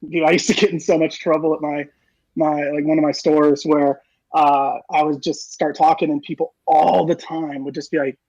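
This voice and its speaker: A man talking fast and rambling with lots of fillers in casual podcast chat. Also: a little high, level tone, darkish tone, no room sound, lo-fi sound. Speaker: podcast co-host.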